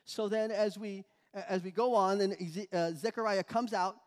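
Male preacher, high voice, emphatic teaching delivery, long reverb. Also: fairly even intonation. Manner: explanatory, emphatic, pauses and restarts. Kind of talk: sermon.

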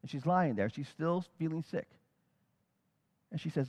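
High-voiced man preaching in a reverberant hall. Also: normal speed. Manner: animated retelling that acts out quoted speakers. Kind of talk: storytelling sermon.

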